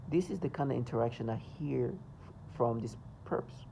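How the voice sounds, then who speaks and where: Gravelly, agitated man ranting. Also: mid-range voice, normal speed, mellow, slight background noise, poor audio. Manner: agitated, insistent, rambling. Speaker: vlogger. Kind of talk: emphatic monologue to camera.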